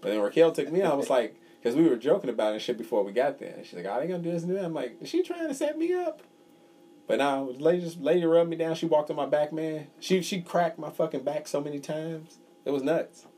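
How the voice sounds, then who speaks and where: A man's voice: a little high, quick pace, warm tone, breathy edge. A young man co-hosting a podcast, telling rambling, profane stories in casual chat. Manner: rambling storyteller, swears freely. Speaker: podcast co-host.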